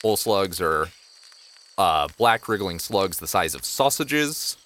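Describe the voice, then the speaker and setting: A man narrating as game master of a tabletop game, in relaxed, playful storytelling. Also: low-pitched, slow pace.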